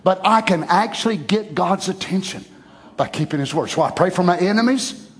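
High-voiced folksy preacher man. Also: lively intonation, moderate pace, husky. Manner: folksy, conversational preaching that swells into emphatic exclamations. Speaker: pastor. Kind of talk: sermon.

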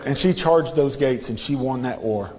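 A man's voice: medium pitch, moderate pace, darkish tone, big-room sound. A man preaching a sermon in a church, earnest and repetitive, pressing his listeners with rhetorical questions. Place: church sanctuary.

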